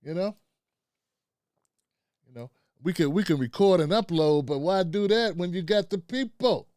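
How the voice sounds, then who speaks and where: With lively intonation and a slightly mellow, high-pitched voice, a middle-aged man hosts a casual live stream at normal speed. He keeps it loose, talking to the chat and his producer and repeatedly saying "man" and "fam." The recording is dry and studio-clean.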